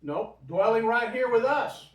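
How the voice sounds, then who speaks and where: A man leads a church Bible study at an unhurried pace, his voice sitting high for a man. He talks conversationally and keeps asking the group questions. He sounds roomy, picked up from across the room. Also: lively intonation. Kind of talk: interactive Bible teaching. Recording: roomy, from a distant mic.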